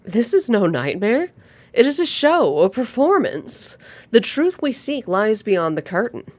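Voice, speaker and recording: A woman voicing a mysterious, solemn cult member from a horror adventure game, reading slowly and theatrically. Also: on the high side, very animated, voice pushed up.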